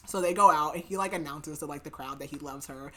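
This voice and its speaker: This podcast host talks fast in a low, slightly bright voice. She casually recaps a novel, quoting what the characters say and peppering her chatty retelling with "like."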